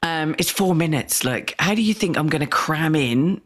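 A woman's voice: sits low, expressive, moderate pace, breathy edge. A woman hosting a podcast interview, chatty and self-deprecating. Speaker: podcast host.

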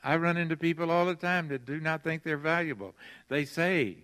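An older man preaching a sermon as pastor, earnest and emphatic, slowing down to stress key phrases. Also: a little high, fairly bright tone. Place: large church sanctuary. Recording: long hall reverb from a church sanctuary.

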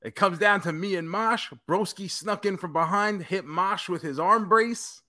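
Bright-voiced man telling a lively story. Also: high voice, a little slow, no echo, studio quality. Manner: animated storyteller, acts out quoted lines, laughs often. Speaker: podcast co-host. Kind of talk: casual storytelling chat.

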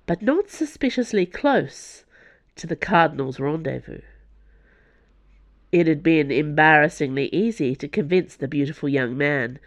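A narrator reading an audiobook in an even, close storytelling voice, with quiet, lowered asides. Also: no room sound.

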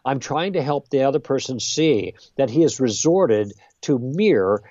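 A man guest on a podcast, explaining ideas in a lively conversational way and acting out exchanges. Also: medium pitch, measured pace, no room sound, lo-fi sound. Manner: lively, role-plays exchanges with emphasis. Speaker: guest author.

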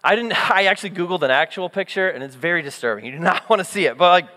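A young man preaches a sermon with a high-pitched, bright, ringing voice. He tells the story in an animated way and slips into the voices of its characters. The sound carries a long hall reverb. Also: quick pace. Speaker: pastor.

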